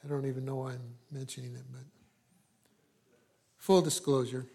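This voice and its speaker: A man preaching, reading scripture aloud with emphasis and breaking off into quiet, conversational asides. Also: medium pitch, level tone, moderate pace, gravelly, breathy edge.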